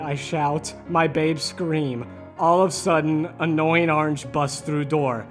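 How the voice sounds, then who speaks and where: A man's voice: a little high, fairly even intonation, slow, faint music behind. A man on a comedy podcast telling a crude spoof horror story in a mock-dramatic way, often laughing through his lines.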